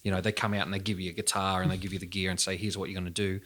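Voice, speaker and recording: A young man co-hosting a podcast in casual chat, animated and laughing, swearing freely as he tells stories. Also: low voice, racing. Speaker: podcast co-host.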